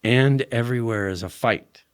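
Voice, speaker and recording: Young man, average pitch, talking casually and animatedly with long stories, voice sinking low and soft for suspense. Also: moderate pace, smooth. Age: young adult. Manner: animated storytelling, drifts soft and hushed at tense moments. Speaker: podcast guest. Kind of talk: casual conversation.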